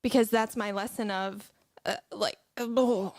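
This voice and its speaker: A woman in her thirties co-hosts a casual morning show in a plain, conversational voice, often backing her partner up with quick affirming murmurs. Her voice sounds close and dry, with no room echo. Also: medium pitch, fairly even intonation. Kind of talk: casual chat.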